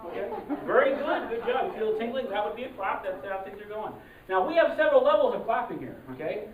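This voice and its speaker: A member of an improv troupe warming up a live audience, talking haltingly with many fillers and restarts and loudly calling out cues to the crowd. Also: mid-range voice, animated, a little hiss or hum. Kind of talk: live audience warm-up talk. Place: live show venue. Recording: distant, roomy, muffled live recording. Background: audience ambience.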